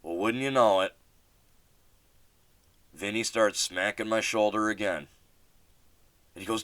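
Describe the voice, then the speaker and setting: A deep-voiced man tells a story on his solo podcast, rambling and restarting, and he swears casually. His voice is smooth and clear, recorded dry and close. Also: steady tone, unhurried, pauses often, fairly bright tone, dry recording. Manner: rambling, many fillers and restarts. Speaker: podcast host.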